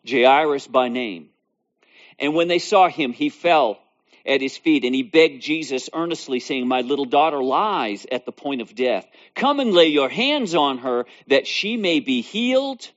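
A man preaching a sermon, reading scripture aloud and expounding on it, repeating phrases with building emphasis. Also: medium pitch. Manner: reads scripture then expounds with repetition and rising emphasis. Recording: dull lo-fi recording.

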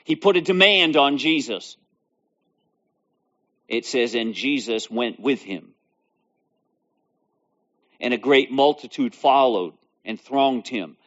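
This sermon comes from a man with a mid-range, fairly bright voice who is animated but slow, pausing often. He reads scripture and then expounds on it through repeated phrases with rising emphasis, recorded in dull lo-fi quality.

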